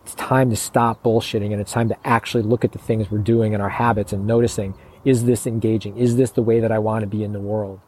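A man's voice: lowish voice, little pitch movement, quick pace, few pauses, a little mellow, slightly rough, poor audio. A man coaching in a motivational monologue, blunt and profane, pressing his points with urgent, pleading emphasis. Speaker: men's coach.

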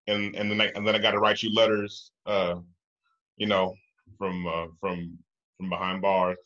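Man, podcast co-host, lowish voice, halting with fillers, muffled lo-fi sound. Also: completely flat delivery, sharp tone. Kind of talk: casual chat. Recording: dull lo-fi sound.

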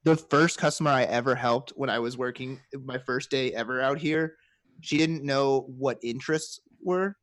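A man co-hosting a casual podcast, telling work anecdotes in an animated way. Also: medium pitch, moderate pace, no echo. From USA. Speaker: podcast co-host. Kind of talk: casual chat.

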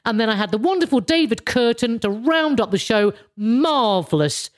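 A woman's voice: on the high side, lively intonation, moderate pace. A woman hosting a show, casually recapping her episode in a rambling, sardonic way with many fillers and restarts. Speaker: show host.

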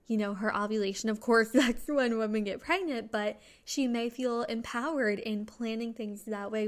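Young woman, podcast host, fairly high voice, earnest and chatty. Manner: earnest, chatty, with restarts and light laughs. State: excited, just home from work. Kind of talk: solo podcast talk.

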